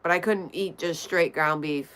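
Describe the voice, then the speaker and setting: A woman livestreamer reads her chat aloud and answers viewer comments bluntly and offhandedly, vaping between remarks. Her voice is lowish and fairly bright, at normal speed.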